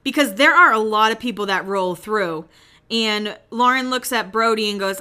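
Bright, chatty woman podcast host. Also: on the high side, normal speed. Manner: gossipy, acts out quoted lines in shifting voices, swears casually. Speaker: podcast host recapping a reality show. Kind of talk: casual chatty recap commentary.

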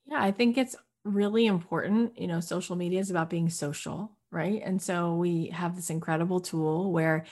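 A woman's voice: fairly low pitch, steady tone, moderate pace, few pauses, darkish tone. A woman guest on a podcast who speaks emphatically and motivationally, asking lots of rhetorical questions. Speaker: interview guest. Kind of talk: motivational conversation.

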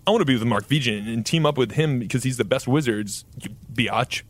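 A man's voice: mid-range voice, brisk, lightly acted. A man voicing a smitten, bossy teenage witch in a comedic reading, in a raised, breathless delivery. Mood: gushing.

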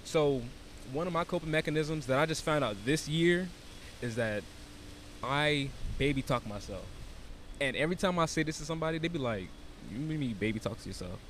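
A man's voice: on the high side, expressive, moderate pace, a bit bright, a little hiss or hum. A man in casual conversation, explaining ideas animatedly with analogies and casual swearing. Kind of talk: casual chat.

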